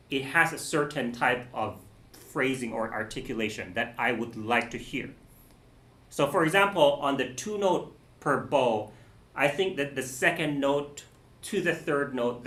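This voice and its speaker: A man teaching a cello masterclass, explaining bowing and phrasing patiently, with many pauses, restarts and "okay"s. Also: medium pitch, sharp tone. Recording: roomy echo.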